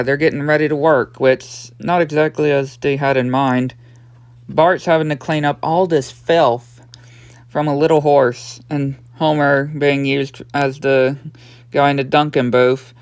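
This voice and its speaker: A man's voice: medium pitch, flat delivery, measured pace, clean tone, dry recording. A nineteen-year-old man casually recapping a cartoon episode, rambling along with lots of "yeah" and "and" fillers. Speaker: episode reviewer.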